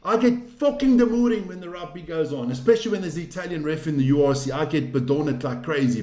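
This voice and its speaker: High-voiced, swearing stream host. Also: male voice, a little fast, echoey room. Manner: rambling, swears freely, excitable. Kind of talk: casual live stream chat.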